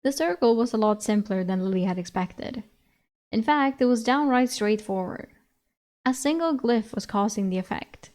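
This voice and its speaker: A woman's voice: on the high side, normal speed. Woman casually reading a novel aloud. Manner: relaxed, conversational reading. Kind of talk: casual read-aloud narration.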